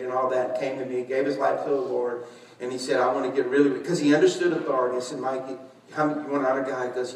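A man preaching a sermon, telling stories animatedly, shouting and laughing as he acts out conversations. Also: medium pitch. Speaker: pastor. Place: large church hall. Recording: echoey church hall, distant mic.

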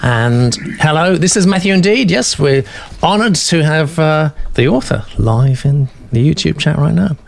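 A man's voice: a little high, expressive, normal speed, gravelly. Chatty man hosting a live stream. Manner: chatty and playful, jokes and laughs between reading notes. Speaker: host of a story reading show. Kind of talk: casual introduction on a live stream.

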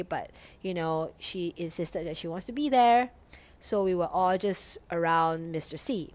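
Young woman, casual storyteller, lots of cursing and filler words. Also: fairly low pitch. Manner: animated, heavy swearing, lots of "like".

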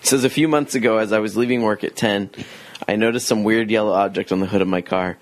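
A man co-hosting a comedy podcast, reading a listener's letter aloud in a dry, flat way. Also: on the low side, fast. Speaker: podcast co-host.

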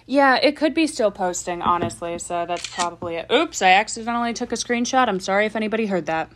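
A woman's voice: mid-range voice, expressive, quick pace, a little hiss or hum. Chatty young woman podcast co-host. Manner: chatty, swears casually, laughs a lot. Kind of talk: casual chat. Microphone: remote call.

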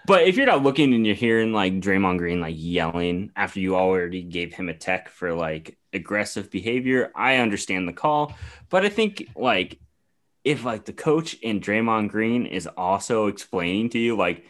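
A man's voice: fairly low pitch, animated, normal speed, fairly bright tone. A man co-hosting a casual sports podcast, talking loosely, swearing freely and laughing often. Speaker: podcast co-host.

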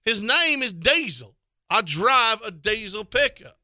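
A man's voice: high voice, big pitch swings, measured pace, no room sound, studio quality, pitched above the performer's own voice, exaggerated voice. A man putting on the voice of an indignant, nasal redneck racing fan. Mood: ranting. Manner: shouting twangy rants.

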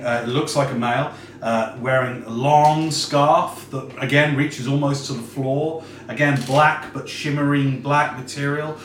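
A man's voice: medium pitch, fairly bright tone, slight background noise. A man running a tabletop game as game master, describing scenes unhurriedly with many fillers. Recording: roomy echo, distant mic.

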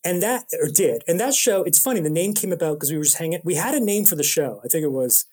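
Mellow-voiced man, rambling storyteller. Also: fairly high pitch, fast talker. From Toronto, Canada. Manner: animated storyteller, rambling restarts. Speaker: improv comedian and show producer. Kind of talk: casual interview talk.

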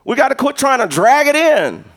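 A middle-aged man preaching a sermon as pastor, an animated, joking storyteller who acts out conversations. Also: extremely high pitch, moderate pace.

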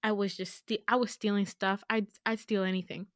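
A woman in her twenties, a podcast host, telling a story in a casual, animated way, giggling and swearing freely. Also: medium pitch, fairly quick, no echo, studio quality.

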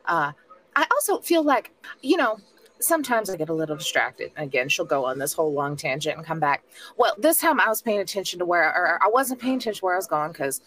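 Woman player, animated pitch, rambling and unsure. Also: a little fast. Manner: hesitant, rambling, laughs easily. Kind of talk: tabletop role-play.

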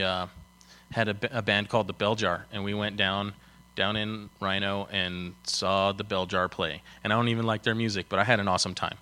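Young pastor, bright slightly low voice, relaxed storyteller preaching in a church. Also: male voice. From Colorado, USA. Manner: casual and chatty, many fillers, storytelling with acted quotes. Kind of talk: casual sermon talk.

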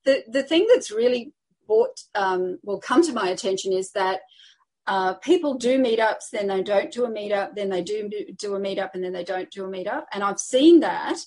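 A woman's voice: mid-range voice, lively intonation, normal speed, darkish tone. A woman guest, a coaching client, talking casually and chattily with lots of fillers. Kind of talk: casual conversation.

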